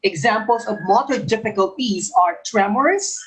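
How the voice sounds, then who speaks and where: A man's voice: high voice, lively intonation, moderate pace, a bit bright, slight background noise, rough recording. A male English professor with a lisp, coaching future teachers through exam questions by reading each one twice and explaining the answer. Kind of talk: exam review lecture.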